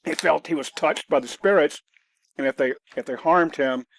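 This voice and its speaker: A man's voice: fairly high pitch, normal speed, vocal fry, dry recording. Blunt, matter-of-fact man. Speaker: guest, self-defense author. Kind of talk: conversational podcast storytelling.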